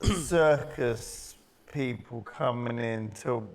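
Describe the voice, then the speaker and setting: A man's voice: mid-range voice, drawn-out words, creaky. A man co-hosting a live stream, chatting in a wry, musing way. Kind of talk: casual live-stream chat.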